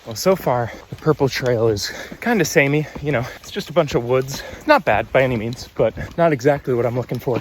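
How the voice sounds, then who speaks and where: A man's voice: mid-range voice, brisk, hardly any pauses, slight background noise. Upbeat young man vlogging on a trail. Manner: upbeat, chatty, self-teasing. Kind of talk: casual hiking vlog. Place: wooded hiking trail outdoors.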